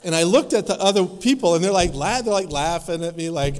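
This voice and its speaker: Lively male lecturer in a reverberant hall. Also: high voice, fairly quick. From North Dakota. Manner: lively storytelling, acting out quoted voices. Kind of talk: conference lecture with anecdotes.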